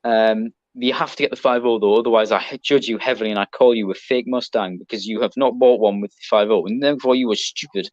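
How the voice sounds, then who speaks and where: A man's voice: lowish voice, fairly even intonation, fast talker, hardly any pauses, darkish tone, no room sound, muffled recording. A man with an English accent, a podcast guest, chatting casually and rambling with lots of ums and restarts. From Britain. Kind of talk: casual chat.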